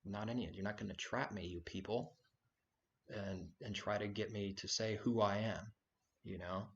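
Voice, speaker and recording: A man delivers an informal spoken sermon in a deep, flat voice. He rambles conversationally, restarting sentences as he goes. The recording sounds dull and lo-fi. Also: normal speed, creaky. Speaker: preacher.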